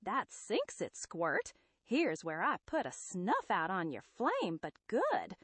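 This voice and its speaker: A synthetic-sounding woman voicing a gruff, grumpy male strongman with slangy, clipped speech. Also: mid-range voice, wildly swooping pitch, takes it slowly, fairly bright tone, dry recording, full character voice. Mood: threatening. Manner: slangy, grumbling, dropped g's.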